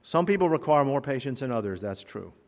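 A man pastor preaching a sermon, telling stories and acting out the people in them, swinging between loud and soft. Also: medium pitch, a little fast. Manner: animated storyteller, voices characters, swings loud and soft. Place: church sanctuary. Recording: long reverb of a hall.

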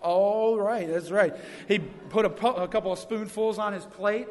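A young man preaching in a church with a notably high voice. He swings between loud, punchy exhortations and easy storytelling, and his words ring out with a long hall reverb. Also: normal speed. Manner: energetic preaching with humorous stories. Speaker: youth pastor. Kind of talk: sermon. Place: church sanctuary.

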